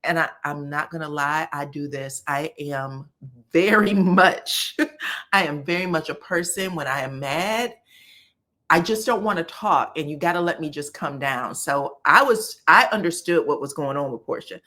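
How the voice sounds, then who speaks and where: Sassy lady recapping reality tv, chatty and animated, does little voices for the cast. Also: deep voice, normal speed. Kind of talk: casual recap commentary.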